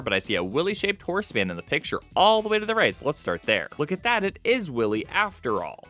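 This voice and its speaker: A young man hosting a comedic commentary video, recapping things with sarcastic, deadpan asides. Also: medium pitch.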